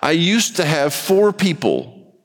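A pastor preaches a sermon in a church sanctuary, his voice slightly high, very animated, and slow, speaking candidly and conversationally. The recording carries a long hall reverb.

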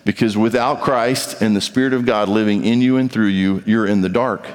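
A man's voice: lowish voice, fairly even intonation, moderate pace, clean tone. A male pastor preaching a sermon with emphatic delivery, acting out the voices of imagined speakers. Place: large church sanctuary. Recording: reverberant hall.

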